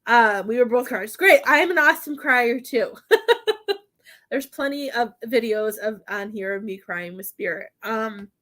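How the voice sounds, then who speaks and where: Lady doing a psychic reading on a live stream, kinda high voice, lots of ums and likes, gets choked up. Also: moderate pace, hardly any pauses, fairly bright tone. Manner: hesitant and rambling, many fillers. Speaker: psychic medium.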